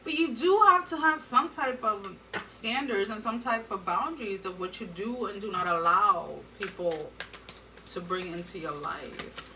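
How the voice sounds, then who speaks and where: Bright-voiced woman giving a tarot reading. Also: medium pitch, a little slow, distant mic, slight background noise, rough recording. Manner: earnest, addresses viewers directly with advice. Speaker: tarot reader. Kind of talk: tarot card reading to viewers.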